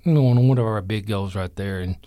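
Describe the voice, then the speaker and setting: A man, a pastor interviewed on a church radio show, speaking plainly and earnestly with halting restarts. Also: lowish voice, dark tone, no echo, clean studio sound. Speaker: pastor and food bank leader. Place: church studio.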